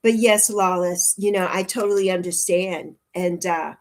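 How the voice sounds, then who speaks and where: A woman in her early sixties hosting a casual livestream, chatting warmly and repeating her phrases as she answers viewers' comments. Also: fairly low pitch, steady tone, moderate pace. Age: 60s. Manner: warm, chatty, repeats phrases, laughs often. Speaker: livestream host.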